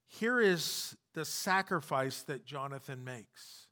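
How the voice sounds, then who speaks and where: Guy pastor giving a sermon, high bright voice, keeps repeating his points. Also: slow. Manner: emphatic, repeats key points.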